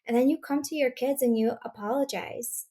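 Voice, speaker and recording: A woman guest on a podcast interview, an anger coach speaking in an earnest, reassuring, measured way. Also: sits high, warm tone.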